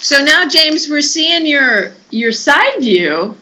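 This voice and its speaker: A woman co-hosting a casual live stream over a video call, chatty and halting. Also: high voice, sing-song, background noise. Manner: chatty, halting, with fillers and laughs. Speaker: co-host.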